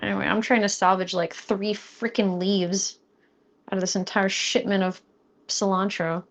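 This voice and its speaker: Speaking close to a studio mic in a mid-range voice with a flat delivery, a young woman chats with her viewers while she cooks on a live stream. She's playful and jokes with chat, and she talks faster when flustered.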